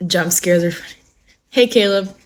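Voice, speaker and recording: A young Californian woman, just woken up, hosts a casual morning chat on a phone livestream. She rambles with lots of fillers and swears freely, speaking at a moderate pace in a mid-range voice.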